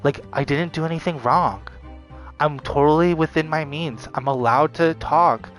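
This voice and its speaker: A man's voice: fairly high pitch, normal speed, a bit bright, soft background music. A man venting in a vlog monologue, swearing often and repeating himself with lots of fillers. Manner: profane, repetitive ranting with many fillers. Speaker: vlogger.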